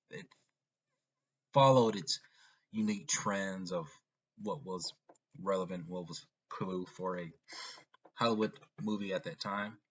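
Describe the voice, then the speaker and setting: A man giving a casual, rambling movie review, often restarting and filling pauses as he talks. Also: deep voice, sharp tone, slightly rough. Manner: rambling, with frequent restarts and fillers. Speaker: film reviewer. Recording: dull lo-fi recording.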